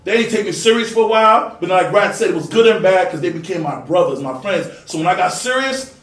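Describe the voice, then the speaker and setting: A man with a high voice tells loud, profane stories in a relaxed chat and slips into other people's voices as he goes. He sounds set back from the mic in an echoing room. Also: quick pace, far from the mic. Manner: animated, profane, acts out voices in his stories. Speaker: podcast guest. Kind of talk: casual storytelling.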